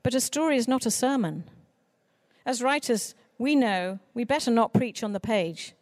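A woman who writes children's books, giving an earnest, expressive talk on writing for children. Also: on the high side, moderate pace, no room sound, clean studio sound. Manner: earnest, expressive speaker with mock voices for quoted people. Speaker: children's author. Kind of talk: conference talk.

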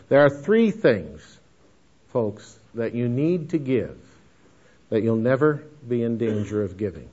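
A man lectures a room on missions in a folksy, emphatic way, leaning on the audience with direct asides. His voice sits at an ordinary middle pitch. The recording is muffled and lo-fi. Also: a little mellow. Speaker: missions speaker.

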